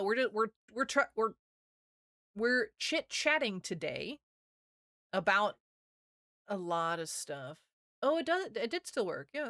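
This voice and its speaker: A woman in her thirties chats casually with her stream, laughing often and rattling along quickly. Her voice sits at an ordinary pitch. The sound is dry and close, with no room around it. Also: bright, forceful tone, no room sound. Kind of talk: casual chat with viewers.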